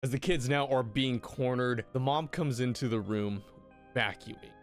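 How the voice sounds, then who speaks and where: A man's voice: medium pitch, normal speed, over music. A man recapping a TV episode for a video in a casual, mocking, irreverent way. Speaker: YouTube commentator.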